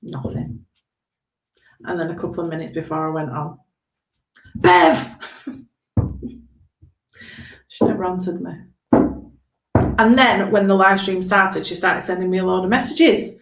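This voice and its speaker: A woman's voice: lowish voice, moderate pace, pauses often, reverberant, rough recording. A woman giving chatty, reassuring tarot readings on a live stream, often checking in with okay. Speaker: tarot reader.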